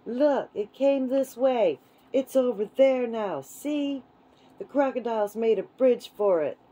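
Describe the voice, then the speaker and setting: A woman voicing furious male wild boars who shout in a shrill voice. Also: animated, slow.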